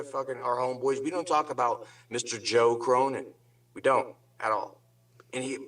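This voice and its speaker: A man's voice: medium pitch, moderate pace, fairly bright tone, far from the mic, rough recording. A man on a talk show ranting angrily and sarcastically, swearing constantly in loose slang. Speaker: guest on a drama talk show. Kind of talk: heated profane rant.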